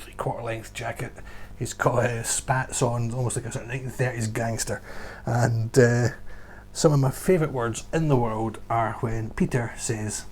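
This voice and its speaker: A man in a casual home vlog talks about whiskies with eager, emphatic enthusiasm. His voice sits in an ordinary middle pitch. A faint hum runs under the recording. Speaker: whisky tour guide. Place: indoors at home beside a shelf.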